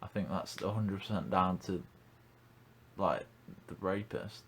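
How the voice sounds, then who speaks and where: A man's voice: sits low, measured pace, a little hiss or hum. A young man hosting a casual podcast, blunt and ranting, swearing freely. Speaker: podcast host.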